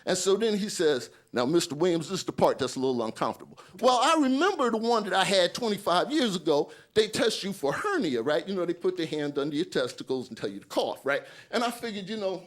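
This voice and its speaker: High-voiced man telling a stand-up story. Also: fast, hardly any pauses. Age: 40s. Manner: animated, acts out voices, keeps asking "right?". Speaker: stand-up comedian.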